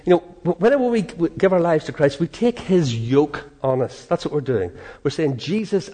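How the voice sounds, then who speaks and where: A man preaching a sermon in an earnest, animated way, acting out prayers and quotes, with a soft laugh now and then. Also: a little high.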